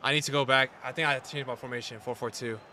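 A man streaming a football video game, talking to his chat in slangy, repetitive commentary that jumps from shouting at the referee to low muttering. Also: fairly even intonation, racing, slight background noise. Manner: swings between shouted outbursts and low muttering; slangy, repeats himself. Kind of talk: live gameplay commentary.

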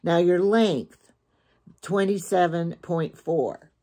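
An older woman with a low-pitched voice talks in a loose, chatty way. She rambles and repeats herself, thinking aloud as she goes through her shopping haul. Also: slow, mellow. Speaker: shopping vlogger. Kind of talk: casual chat.

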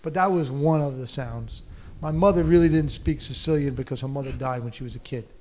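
A man's voice: mid-range voice, brisk, a little mellow, slight background noise. A man from the United States, a film director and actor, talking animatedly as a guest in an onstage conversation, full of "you know" and laughter.

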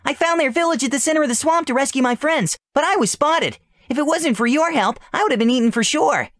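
A man doing a tiny squeaky mushroom creature. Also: expressive, quick pace, a bit bright, no echo. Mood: eager, grateful. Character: small grateful male mushroom creature, two feet tall. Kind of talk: storybook role-play reading.

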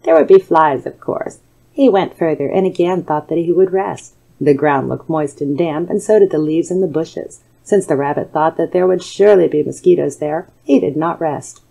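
A woman narrating a calm bedtime story in a soothing, measured way, recorded as a studio voice-over. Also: low voice, vocal fry, rough recording.

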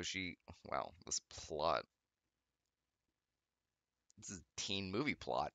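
Sarcastic young man reading, lively bright voice. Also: low-pitched, drawn-out words, creaky, dry recording. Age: young adult. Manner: sarcastic, laughs often, stumbles over words. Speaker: channel host reading fan fiction. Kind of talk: reading aloud with mocking commentary.

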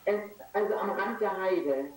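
A woman from northern Germany with a German accent answers interview questions over a video call in short, halting English that slips into German. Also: mid-range voice. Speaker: interview guest. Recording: distant, roomy video-call audio.

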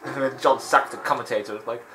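A man's voice: medium pitch, fairly even intonation, quick pace, fairly bright tone, a little hiss or hum, poor audio. A man hosting a let's play, chatting in a rambling, digressive way and laughing often while he plays. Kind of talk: rambling gameplay commentary.

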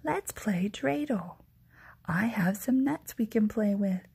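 A woman voicing a kindly, fussy old grandmother in a whispered role-play, soft, doting and chatty. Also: medium pitch, lively intonation, takes it slowly, vocal fry, husky, full character voice. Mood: cheerful.

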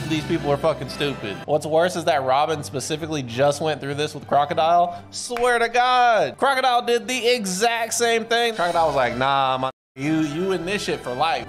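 A man streaming live, reacting casually and excitably while he reads, swearing freely and breaking into sudden shouts. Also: high voice.

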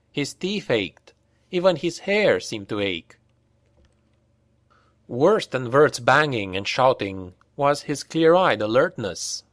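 A man narrating a dark fantasy audiobook at a steady, measured pace, in a voice of middle pitch. The recording is dry and close, with no room echo.

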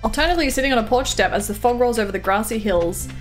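A woman's voice: a little high, very fast. A young woman streaming a farming game, chatting casually, reading her chat aloud and giggling often while playing. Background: game music.

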